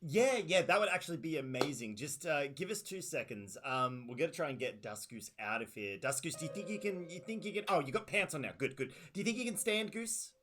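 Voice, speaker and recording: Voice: mid-range voice, animated, a little fast, hardly any pauses, over music. A player in a tabletop game, speaking in character with a fussing, caretaking tone.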